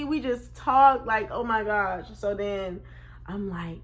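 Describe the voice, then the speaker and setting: A young woman vlogger telling a storytime casually, swearing freely and acting out other people's lines in a raised voice. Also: slow. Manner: animated, swearing, acts out quotes in raised pitch.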